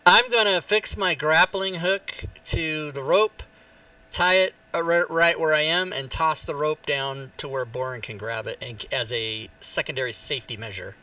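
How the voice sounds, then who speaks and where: A man's voice: fairly high pitch, moderate pace, bright, forceful tone. A man playing in a tabletop game, chatting casually and joking with frequent laughter. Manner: jokey, laughs often. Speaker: player. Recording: dull, dry, distant mic.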